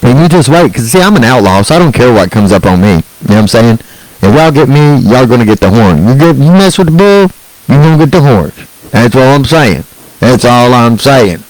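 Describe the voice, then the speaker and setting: A man's voice: medium pitch, big pitch swings, fast talker, a little mellow, no echo, rough recording. A man, ranting through a sarcastic, profane stand-up set. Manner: angry, sarcastic and profane, with mocking put-on quotes. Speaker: stand-up comedian.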